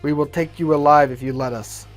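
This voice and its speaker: A man's voice: fairly high pitch, fairly even intonation, a little fast, faint music behind, natural voice. A man voicing a ruthless male Russian cyborg soldier with a strong Russian accent, taunting and menacing.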